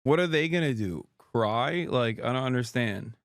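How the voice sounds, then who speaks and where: Man, 30s, streamer host, sarcastic, profane, casual commentary, smooth resonant voice. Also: mid-range voice, expressive, moderate pace, dry recording, studio quality. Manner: sarcastic, profane, laughs often.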